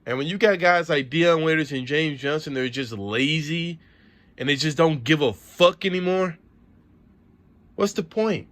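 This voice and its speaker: Venting on camera, this male vlogger unloads a profane, repetitive sports rant full of frustration. He speaks at a moderate pace in a slightly high, fairly bright voice.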